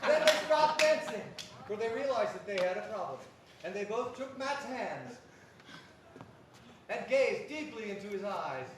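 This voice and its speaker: A man's voice: high voice, lively intonation, measured pace, pauses often. A man hosting a live improv comedy show, narrating the scenes with hammy energy. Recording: very echoey stage, far from mic, clear noise.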